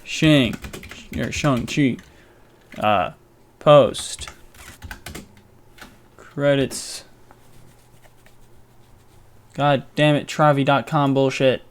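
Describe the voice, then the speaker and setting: Young man rambling through a movie recap. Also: medium pitch. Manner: rambling, jokey retelling with quick mock voices. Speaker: podcast co-host. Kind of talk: casual movie recap chat.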